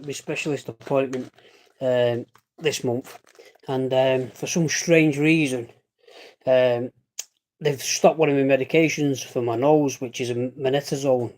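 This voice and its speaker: A man's voice: mid-range voice, a little mellow. A man chatting casually on a livestream, rambling with jokey asides and the odd swear word. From Britain. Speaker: vlogger living with a lung condition.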